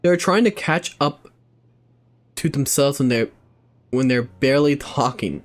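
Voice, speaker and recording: A young gamer on stream speaks in a medium, animated voice, a touch slow. His loose talk drifts around, is laced with profanity, and gets cut short by his own interruptions.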